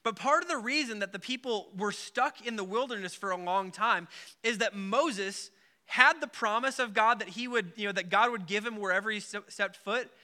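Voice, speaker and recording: At a moderate pace, a pastor gives a casual sermon in a high, very bright voice, keeping it relaxed and conversational. He peppers his speech with "like" and other fillers and performs the voices of biblical figures.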